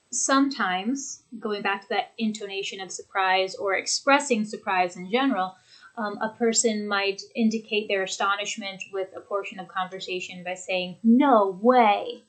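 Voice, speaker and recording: A woman's voice: mid-range voice, fairly bright tone, rough recording. Woman teaching English intonation. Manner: clear, deliberate, demonstrating intonation examples. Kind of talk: recorded lesson. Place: home office with a computer.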